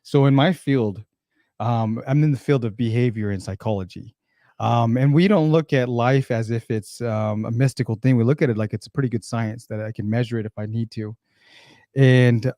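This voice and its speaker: A man's voice: mid-range voice, dark tone, dry recording, studio quality. A man who works in behavior and psychology co-hosts a chat show, explaining plainly and laughing easily. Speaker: behavior psychologist and podcast co-host. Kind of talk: casual chat.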